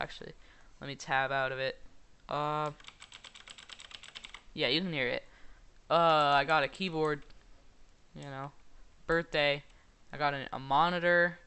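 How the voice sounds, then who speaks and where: A man's voice: fairly high pitch, sharp tone, clean tone. A young man casually commenting on a game, rambling and hesitant, full of fillers. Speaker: gaming YouTuber.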